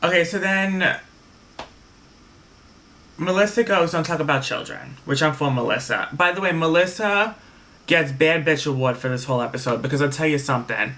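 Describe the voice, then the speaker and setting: Man, bright tone, casual TV recap vlog, swears a lot, repeats for emphasis. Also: a little high, expressive, moderate pace, long pauses. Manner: candid and opinionated, swears freely, repeats himself for emphasis. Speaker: reality TV recap vlogger.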